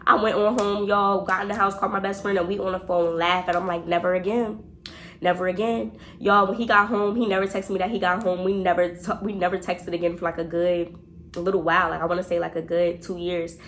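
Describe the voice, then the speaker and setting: A young woman vlogger telling a storytime, chatty and animated, talking straight to her viewers. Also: on the low side, fast talker, slight background noise. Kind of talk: storytime vlog.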